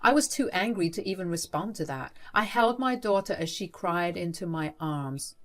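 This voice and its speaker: Woman narrator, scripted storytelling, even delivery, lowish voice. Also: normal speed.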